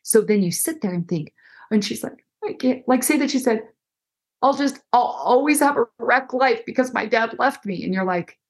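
A middle-aged woman counselor explaining listening skills in conversation, animated and acting out example dialogues. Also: a little high, normal speed. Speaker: counselor and guest. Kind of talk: conversational teaching.

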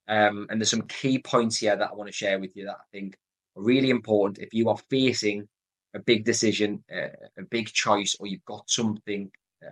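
A man's voice: lowish voice, a bit bright, low-quality recording. A man with a Geordie accent hosting his own podcast, explaining a decision method in an earnest coaching way that repeats the key points. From North East England. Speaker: podcast host. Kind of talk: solo podcast advice talk.

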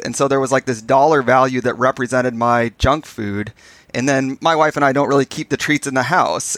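A man's voice: medium pitch, no echo. A man co-hosts a podcast and tells stories with animation, playing out the back-and-forth as he goes. His voice sits in a middle range, and the recording is dry and close to the mic. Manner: animated storyteller, acts out dialogue. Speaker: podcast co-host. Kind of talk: casual storytelling chat.

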